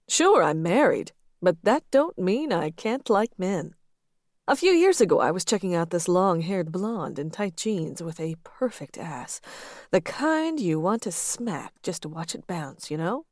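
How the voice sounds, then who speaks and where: Bold married man, coaxing and teasing, low and dry , read by a woman. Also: sing-song, a little slow, a little mellow, dry recording.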